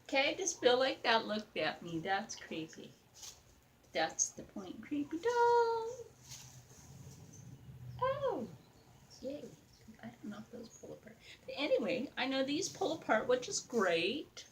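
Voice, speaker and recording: A woman's voice: a little high, very animated, normal speed, a bit bright, slight background noise, low-quality recording. A young woman chatting casually as she works on a craft project, rambling and talking to her viewers and to a doll. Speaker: craft vlogger.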